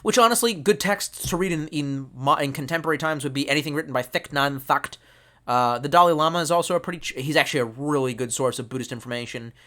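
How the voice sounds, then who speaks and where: Tipsy home streamer who rambles and swears freely; bright, forward tone. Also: mid-range voice, quick pace. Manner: rambling, profane and loose. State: tipsy from drinking. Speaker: livestream host reading chat. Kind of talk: casual rambling live chat. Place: at home at a desk.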